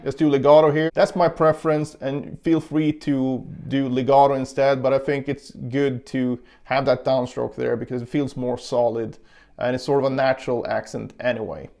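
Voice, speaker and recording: Gravelly-voiced man teaching guitar. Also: medium pitch, little pitch movement, normal speed, darkish tone. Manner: counts beats aloud while demonstrating. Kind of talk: casual instructional explanation. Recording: guitar playing in between.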